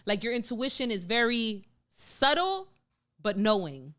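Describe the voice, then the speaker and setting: A woman co-hosting a casual podcast chat, telling stories in an animated, expressive way with relaxed slang. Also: fairly high pitch, a little slow. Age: adult with a young daughter. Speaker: podcast co-host.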